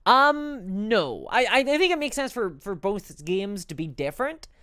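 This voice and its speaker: A woman's voice: medium pitch, sing-song, unhurried, sharp tone, no room sound, clean studio sound. Rambling woman streaming live. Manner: rambling, stumbling over words, laughs often. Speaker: streamer answering live chat. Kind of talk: casual live-stream chat.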